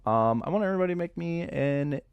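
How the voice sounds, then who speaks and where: A man's voice: fairly high pitch, lively intonation, quick pace, vocal fry, smooth, dry recording, muffled recording. A young man narrating a tabletop game as game master, loose and rambling.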